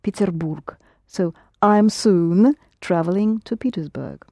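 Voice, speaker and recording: A woman teaching a lesson, patiently prompting students and correcting them, slowing down to model phrases. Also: medium pitch, lively intonation, warm tone, no room sound, studio quality. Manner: patient, prompting and correcting, slows for Russian words. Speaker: Russian language teacher.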